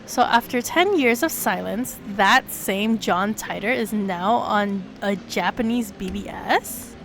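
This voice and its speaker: A woman streamer reading a visual novel aloud, with sudden excited leaps in her voice. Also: takes it slowly, soft background music. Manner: animated reading with sudden high excited jumps.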